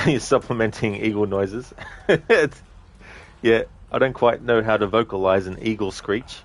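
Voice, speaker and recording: A man's voice: fairly low pitch, steady tone, moderate pace. A male streamer chatting casually with viewers while playing, reading out their redeems. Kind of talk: casual live-stream chat while gaming.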